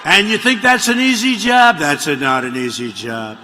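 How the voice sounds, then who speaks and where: A man holds forth at a political rally in a high, bright, forceful voice that swings widely in pitch. He rambles and mocks, circling back to repeat his own lines. The sound rings with the long reverb of a large venue. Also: fairly even intonation, normal speed, a faint crowd, slight background noise. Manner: rambling, mocking, repetitive asides. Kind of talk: rally speech. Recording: reverberant hall audio.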